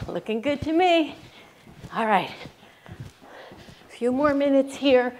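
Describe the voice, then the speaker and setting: An upbeat woman with a slightly high voice coaches a rebounding workout, calling out cues and counting down reps. She speaks in an unhurried, drawn-out way while bouncing along herself. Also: lively intonation, darkish tone, slight background noise. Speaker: fitness instructor.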